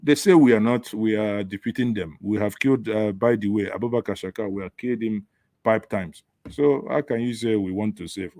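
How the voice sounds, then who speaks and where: A man's voice: fairly low pitch, a little fast, mellow, no echo. Sarcastic Nigerian man hosting. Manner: mocking, sarcastic jokes. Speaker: host taking callers. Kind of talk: satirical call-in chat.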